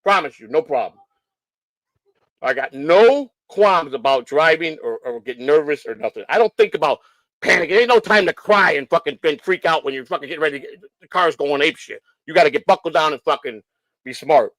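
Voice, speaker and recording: A man from Chicago hosts a livestream, ranting bluntly and swearing freely as he tells his stories. His voice sits somewhat high, and the sound is close and dry. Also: brisk, no echo, low-quality recording. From Chicago, United States. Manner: profane, blunt, animated ranting. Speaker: livestream host. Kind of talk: casual storytelling.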